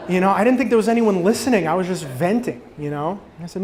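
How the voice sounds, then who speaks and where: Casual male conference speaker, slightly high. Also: fast talker, slight background noise. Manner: casual, conversational, many fillers and restarts; acts out quoted customers with animated voices. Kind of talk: conference talk. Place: conference stage.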